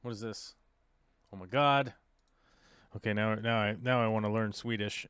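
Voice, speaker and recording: Playful livestream host with a smooth voice. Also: male voice, on the low side, steady tone, normal speed, fairly bright tone, no echo, studio quality. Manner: playful, thinks aloud, jokes at himself. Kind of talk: casual livestream chat.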